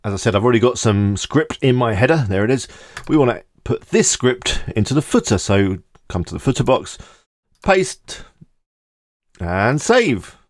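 A man hosting a screen-recorded software tutorial, talking casually and thinking aloud as he clicks through each step. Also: mid-range voice, big pitch swings, moderate pace, dry recording, studio quality. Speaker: tutorial host.

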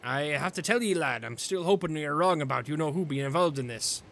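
A man's voice: a little high, expressive, fairly quick, fairly bright tone, a little hiss or hum. A man voicing a salty pirate captain in a growly pirate drawl, reading game dialogue. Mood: gruff. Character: gruff male pirate captain, salty and stern.

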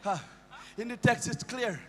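A Jamaican bishop preaching a sermon in a church, his impassioned delivery rising into chanted shouts. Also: extremely high pitch, unhurried, long reverb tail. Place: church sanctuary.

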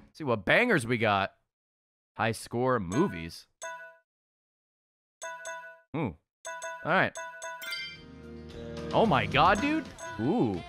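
A man streaming a game, reacting with excitable, profane commentary and frequent yells. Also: medium pitch, unhurried, pauses often. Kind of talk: gameplay commentary. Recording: game music under voice. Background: game music.

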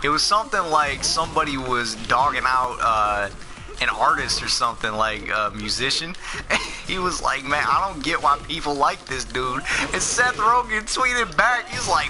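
A young man casually commenting on a fighting game as he streams it, excitable and quick to swear and laugh. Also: a little high, over music. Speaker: gaming streamer.

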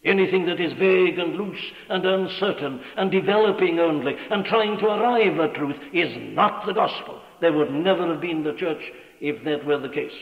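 A man preaching a sermon in an emphatic, declamatory way, quoting scripture at length. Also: a little high. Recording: tinny, echoey old church hall recording.

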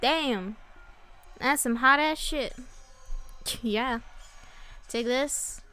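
Bright, unhurried woman playing a game. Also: high voice, smooth. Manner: playful, swears freely, chats to viewers. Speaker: let's play host. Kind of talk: casual gameplay commentary.

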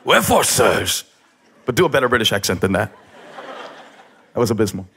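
A man preaching a sermon on a church stage, animated, shouting for emphasis and tossing in joking asides. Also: on the low side, quick pace, slight background noise. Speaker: pastor.

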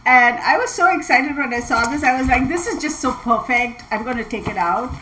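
A woman host, chatting casually on a livestream, bubbly and excitable, laughing often. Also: high-pitched, a little fast, slight background noise, low-quality recording. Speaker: tarot channel host.

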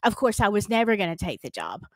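A woman's voice: mid-range voice, huge pitch swings, quick pace, dry recording. A middle-aged woman with a Southern US accent, earnestly and dramatically retelling a personal story on her vlog. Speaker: storytime vlogger.

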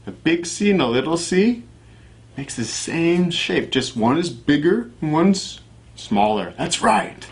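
Young guy doing a kids' alphabet lesson, slow and bouncy, cheering the kids on. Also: fairly high pitch, animated. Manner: encouraging, sounds out letters slowly for children. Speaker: phonics teacher.

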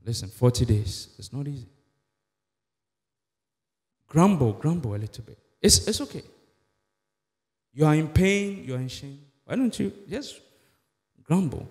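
A man acting out the devil as a sly, coaxing tempter, speaking low and soft. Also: very animated, unhurried, pauses often, big-room sound, faint music behind. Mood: wheedling. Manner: low, soft, persuasive wheedling.

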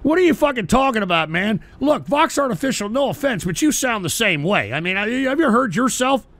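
A man's voice: high-pitched, sing-song, a little fast, a bit bright. A man hosting a comedic call-in radio bit in character, brash and crude, throwing boastful insults at callers.

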